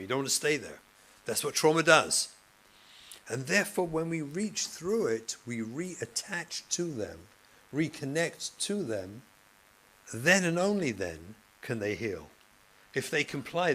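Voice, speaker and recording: A man, a rabbi and therapist, giving a passionate lecture to educators, moving from loud emphasis to hushed speech. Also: medium pitch, rough recording. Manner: passionate, acts out classroom scenes, swings between loud and hushed.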